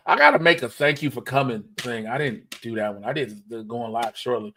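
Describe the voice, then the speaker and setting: A man on a casual livestream who mutters to himself, half-narrating what he is doing on his computer. He talks in loose slang and swears often, and his pitch sits in a middle range for a man. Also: animated, fairly quick. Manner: mumbling, talking to himself while fiddling with software. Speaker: stream host.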